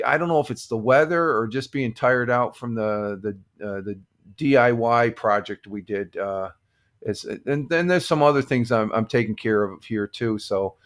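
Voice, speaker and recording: An older man from upstate New York hosting a casual morning livestream, rambling with many fillers and restarts while greeting viewers by name. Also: medium pitch. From United States. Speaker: livestream host. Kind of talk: casual chat with chat readers.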